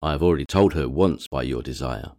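A proud, reserved gentleman, read by a man in an audiobook, answering in dry, measured, exact phrases. His voice is very deep and low. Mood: cool. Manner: dry, measured, coolly precise.

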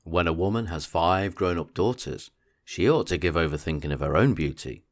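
Chattery pushy mum, a deep-voiced man putting her on, higher and louder than his own voice. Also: lively intonation, moderate pace. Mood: eager, insistent. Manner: eager, insistent, raised pitch. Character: excitable chattering middle-aged mother, woman.

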